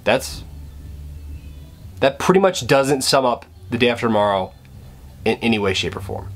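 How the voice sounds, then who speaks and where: A man's voice: mid-range voice, very animated, moderate pace, pauses often. A young man rambling casually to camera at home, self-deprecating and full of restarts. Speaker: vlogger. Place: bedroom at home, indoors.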